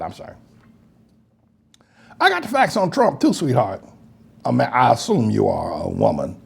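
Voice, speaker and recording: A male pastor with a high, gravelly voice gives scornful commentary on comments he reads out. His tone is husky, and he laughs often. His pitch leaps wildly between booming peaks and low asides. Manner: mocking, laughing, swings between booming highs and low mutters. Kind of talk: preacher's commentary reading online comments.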